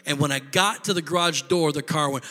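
A man preaching a sermon, telling a story in an animated way, swinging from quiet asides to loud praise. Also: on the high side, brisk, in a large hall, heavy background noise. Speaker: pastor.

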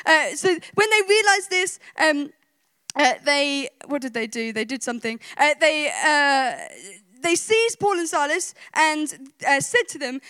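A woman's voice: high voice, pushed and bright, no echo, clean studio sound. A woman preacher giving an emphatic sermon, retelling a scripture story with rhetorical questions and repetition.

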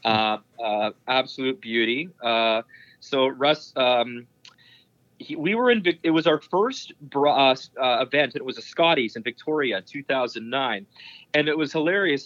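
A man's voice: medium pitch, lively intonation, normal speed, a bit bright, no room sound, highs cut off. Chatty man telling rambling anecdotes. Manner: enthusiastic, rambling, many fillers and restarts. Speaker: curling broadcaster. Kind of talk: casual anecdote telling in an interview.

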